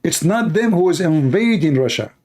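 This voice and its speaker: A man's voice: on the high side, expressive, moderate pace, a little mellow. A man with Arabic as his first language, giving scornful, heated commentary on a video clip in broken English.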